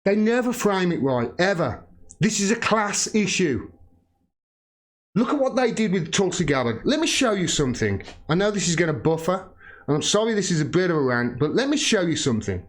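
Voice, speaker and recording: High-voiced British man ranting angrily. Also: very animated, fairly quick. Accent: British English. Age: 40s. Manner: angry, swearing, ranting, with sudden laughs. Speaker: political YouTube host. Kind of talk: livestream political rant.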